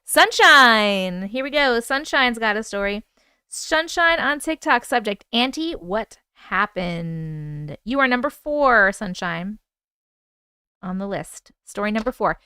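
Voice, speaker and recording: A woman's voice: a little high, lively intonation, unhurried, pushed and bright, clean tone, no echo, studio quality. A woman hosting a casual livestream, chatting loosely, swearing freely and greeting and thanking viewers by name. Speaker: livestream host.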